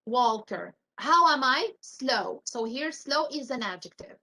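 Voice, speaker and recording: A woman's voice: high voice, expressive, a little slow, pushed and bright, poor audio. A woman teaching a live English grammar class, explaining step by step with examples and asking the class questions.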